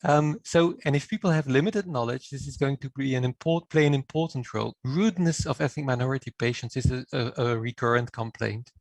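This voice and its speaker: A middle-aged man gives a measured conference talk, laying out his points one by one. His voice has a gravelly edge, and the recording is dry and close, with no room echo. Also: medium pitch. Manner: measured, explanatory lecturing. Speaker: conference speaker on healthcare mediation. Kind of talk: conference presentation.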